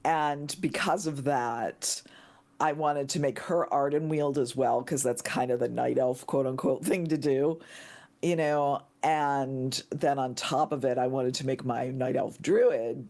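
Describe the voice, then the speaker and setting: Excitable woman gushing on a podcast. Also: a bass voice, unhurried. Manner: excitable, gushing, shrieks when thrilled. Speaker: podcast guest. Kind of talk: casual chat.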